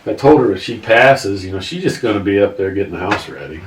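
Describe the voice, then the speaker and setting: A man in his fifties with a very low voice tells his story earnestly, circling back and restarting his thoughts. He sounds set back from the mic in a roomy space with a faint hiss behind him. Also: animated, fast, distant mic. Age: 50s. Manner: earnest, rambling, restarts sentences. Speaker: guest. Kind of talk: emotional personal story.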